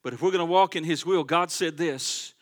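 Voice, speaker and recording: A man preaching a sermon from the pulpit of his church, fervent and emphatic, dropping from loud declarations to quiet asides. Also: a little high, fairly quick. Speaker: pastor. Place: church sanctuary.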